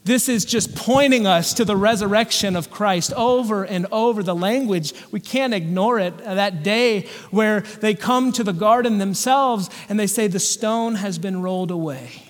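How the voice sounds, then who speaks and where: High-voiced man preaching in a reverberant church. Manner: earnest preaching, slowing down on quoted scripture. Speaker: pastor. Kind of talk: sermon. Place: church sanctuary.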